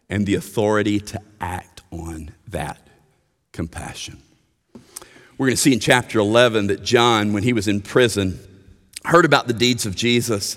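Male pastor preaching, earnest, gets loud then soft, long hall echo. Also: lowish voice. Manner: earnest, rises for emphasis and drops soft. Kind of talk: sermon.

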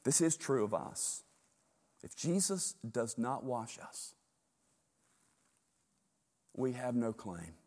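A male pastor preaching a sermon with animated storytelling, repeating words in quick bursts. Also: mid-range voice, big-room sound.

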